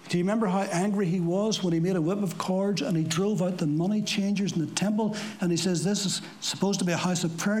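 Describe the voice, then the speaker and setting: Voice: medium pitch, a little mellow, poor audio. Preacher delivering a conversational sermon. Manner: conversational preaching with rhetorical questions and dry asides; slows down for scripture quotes. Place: church service before a congregation.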